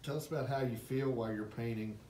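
A man puts short, plain questions to his guest from a distance. His voice has ordinary pitch and carries a roomy echo. Faint noise sits behind it. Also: steady tone, fast, mellow. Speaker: interviewer. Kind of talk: interview questions. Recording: roomy, off-mic.

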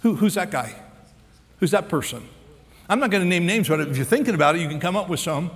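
An American man preaching a sermon as pastor, acting out the story's dialogue with lively energy. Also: fairly high pitch, brisk, big-room sound. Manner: animated preacher, acts out dialogue.

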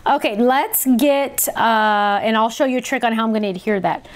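A middle-aged woman hosting a craft tutorial, chatty and excitable, talking to herself as she works. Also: on the high side, normal speed. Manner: chatty and excitable, talks to herself while working. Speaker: crafting show host.

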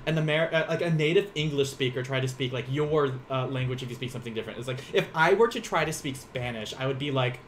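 Talking fast with few pauses, a young Japanese teacher livestreams a relaxed lesson from his home, full of fillers, frequent laughs, and self-mockery as he rambles. His mid-range voice is a bit bright, and there's a slight hiss or hum.

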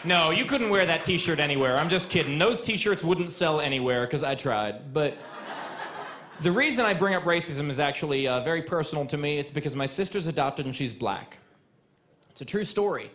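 A young man performing a stand-up comedy set on a club stage, with quick sarcastic punchlines and asides to the crowd. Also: on the high side, expressive, a bit bright, a little hiss or hum.

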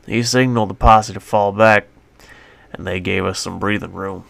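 A man's voice: lowish voice, steady tone, normal speed, creaky, fairly bright tone, dry recording. A man narrating his own western story in a folksy, colloquial first-person voice on a close mic.

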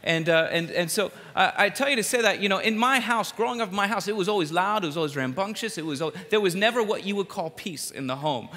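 A man from the Philadelphia area preaching a sermon, telling personal stories in an animated way with quick jokes and repeated words. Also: sits high. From Philadelphia area, USA. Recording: reverberant hall.

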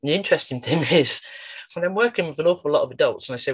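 A man's voice: fairly high pitch, expressive, quick pace, a bit bright, slightly rough, no room sound. A man giving an informal talk about his work with children and adults, chatty and fond of acting out quotes. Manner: chatty storyteller, acts out quotes. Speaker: wellbeing practitioner. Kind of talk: informal promotional talk with anecdotes.

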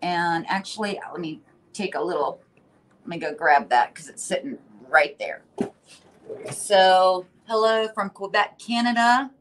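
A woman's voice: on the low side, measured pace, slight background noise. A middle-aged woman hosting a furniture painting livestream, reading viewer comments out in a chatty, friendly way.

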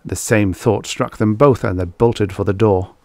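A man reading vintage science fiction stories aloud as an audiobook narrator, in a steady, measured way. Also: lowish voice, no room sound.

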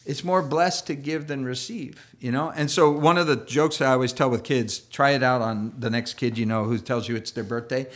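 A male pastor gives a sermon in an animated, chatty storytelling way and acts out quoted voices. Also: medium pitch, normal speed, hardly any pauses. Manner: chatty, full of fillers and restarts.

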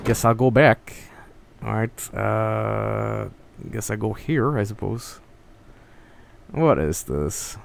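A man's voice: fairly low pitch, level tone, slow pace, vocal fry, slight background noise. Rambling young man streaming a game. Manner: mumbling, rambling, frequent swearing. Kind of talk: casual let's-play commentary.

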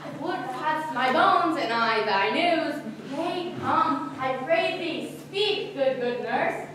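A woman acting out an impatient young girl in love, pleading in a high voice with an unhurried pace. She is heard from far off in a big, echoing hall. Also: expressive, a bit bright, heavily acted. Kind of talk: live Shakespeare stage acting. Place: arts center hall, recorded from the audience. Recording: distant, echoey hall, faint hiss.

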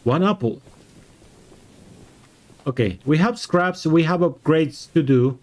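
Excitable cursing game streamer, man. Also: a little high, slow pace. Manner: excitable, swears loudly, yells at the monster; switches between English and Spanish. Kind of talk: live gameplay commentary.

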